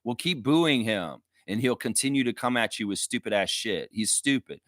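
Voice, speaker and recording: A man's voice: mid-range voice, animated, normal speed, a bit bright, no room sound. Guy ranting on his live fan stream, chatty and opinionated, dry close mic. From United States and Canada. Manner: casual, opinionated, reads viewer chat aloud. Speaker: fan show host.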